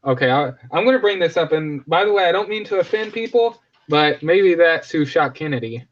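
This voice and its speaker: A man chats loosely on his live stream, often stopping to correct himself and crack jokes. His voice sits a bit high. The audio is dull and lo-fi. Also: lively intonation, brisk. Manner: rambling, self-correcting, joking. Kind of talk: casual live stream chat.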